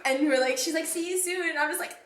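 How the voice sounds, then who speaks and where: A woman's voice: sits high, fast, noisy background. Casual teen girl, distant and roomy. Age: teens. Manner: chatty, casual, tells a story with laughs and quotes. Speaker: fan vlogger. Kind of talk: casual group storytelling.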